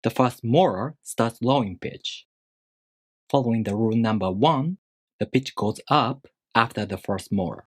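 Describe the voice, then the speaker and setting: A man teaching a language lesson, explaining rules step by step in a measured, scripted way. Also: mid-range voice, slightly rough, no room sound, studio quality.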